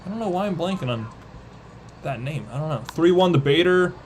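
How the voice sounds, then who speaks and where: A young man calling a baseball game live on a stream in casual play-by-play, chatting with viewers between pitches. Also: animated, a little fast. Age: young adult.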